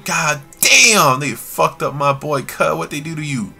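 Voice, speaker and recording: A man doing let's play commentary on a horror game, swearing constantly in slang and yelling when he panics. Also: on the high side, lively intonation, measured pace, creaky, breathy edge, faint music behind. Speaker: gamer playing a horror game.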